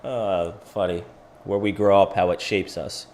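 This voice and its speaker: Animated crypto livestream host, man. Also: sits low, moderate pace. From Pennsylvania, USA. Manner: animated, talks to viewers by name. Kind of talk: live chart analysis with chat questions.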